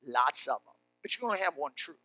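An older man preaching a sermon, telling folksy stories and building up to shouted exhortation. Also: fairly high pitch, sing-song, quick pace, no echo, faint music behind.

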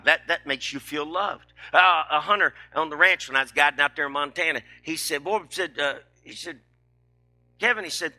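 A man's voice: a little high, pushed and bright. A middle-aged man, preaching a sermon in a folksy, emphatic, joking way.

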